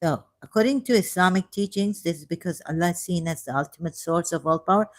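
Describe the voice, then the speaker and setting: A woman's voice: lowish voice, fast talker. A woman giving casual, sarcastic commentary while reading aloud from a screen. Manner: sarcastic, mocking. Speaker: video creator.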